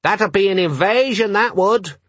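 A man voicing a small boy with a piping, hurried voice. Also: high-pitched, expressive, fairly bright tone, dry recording, voice pushed up, exaggerated voice. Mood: worried. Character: small boy, young and chirpy.

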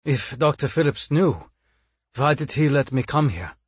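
A man's voice: medium pitch, animated, unhurried, breathy edge, no echo, voice pushed up. A man voicing a tired, ailing male scientist who talks in a strained, defensive way. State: strained, weak. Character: ailing, weary male scientist, stubborn and secretive.

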